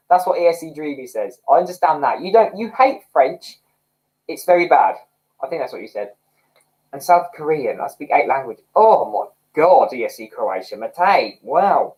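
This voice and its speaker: Lively, excitable livestream host. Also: male voice, a little high, moderate pace, poor audio. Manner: excitable, chatty, laughs often. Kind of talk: casual livestream chat reading comments.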